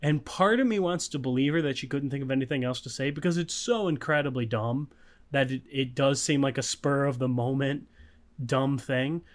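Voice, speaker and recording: Speaking at a moderate pace in a mid-range voice, a podcast co-host meanders through a story in relaxed conversation. Swearing and filler words come thick and fast, and he laughs as he goes.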